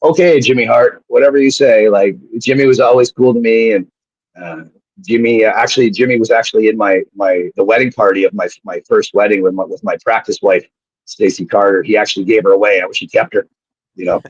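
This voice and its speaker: A low-voiced, husky man spins rambling, profane stories as a guest. His voice sits low and rough. The audio is dull, dry and lo-fi. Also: steady tone, fairly quick, no room sound. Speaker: guest, former wrestler. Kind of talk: casual storytelling.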